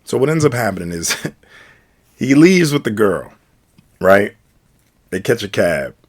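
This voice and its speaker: A young man with a fairly low voice tells a night-out story in a relaxed, casual way. He is animated and keeps acting out the other people's lines with quick shifts in voice. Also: husky.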